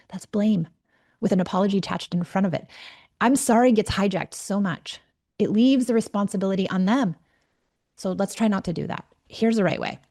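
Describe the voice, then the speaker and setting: A woman's voice: mid-range voice, vocal fry, darkish tone. A middle-aged woman hosting a parenting podcast, talking earnestly and directly and sometimes restarting her words. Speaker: parenting coach and podcast host. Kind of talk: solo podcast talk.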